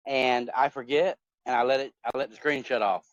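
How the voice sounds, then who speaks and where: A man's voice: medium pitch, steady tone, fairly quick, dry recording. Guy in his 40s rambling on a phone call, dull lo-fi sound, dry. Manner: rambling, many fillers and restarts. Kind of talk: casual chat. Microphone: phone on a voice chat app.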